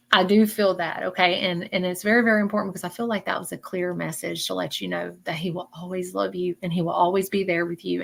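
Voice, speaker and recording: Woman, live-stream medium, gravelly fry, emotional, repeats herself, says y'all. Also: medium pitch, fairly bright tone. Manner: emotional, repeats phrases, addresses viewers as y'all. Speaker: psychic medium.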